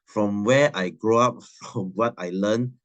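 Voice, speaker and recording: A man's voice: fairly low pitch, slow pace, a bit bright. A man, teaching a science class in a chatty, teasing way and laughing often. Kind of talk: classroom lesson.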